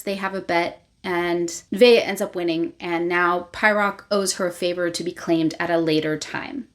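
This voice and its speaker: A woman hosting her own channel, giving a casual spoken recap of a novel and retelling scenes loosely with plenty of fillers. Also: on the low side. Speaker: book reviewer, channel host.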